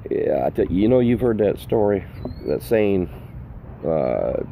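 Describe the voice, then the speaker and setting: Standing in the sunshine, the RV vlogger takes his time, his fairly low, gravelly voice swinging widely in pitch as he earnestly hammers home safety advice and repeats himself. The audio sounds narrow and tinny, with slight background noise.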